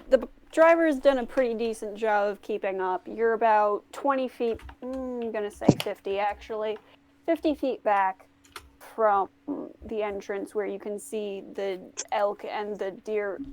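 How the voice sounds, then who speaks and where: A woman's voice: medium pitch, steady tone, unhurried, a little hiss or hum. A woman narrating as game master for a tabletop game, hesitant with laughing asides.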